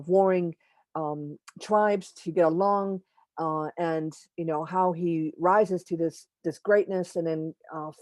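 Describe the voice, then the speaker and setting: Woman giving a halting talk on a video call. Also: fairly low pitch, a little mellow, no room sound. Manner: halting, frequent pauses and self-corrections; opinionated asides. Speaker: astrology lecturer. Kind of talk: informal presentation over a video call. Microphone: computer mic on a video call.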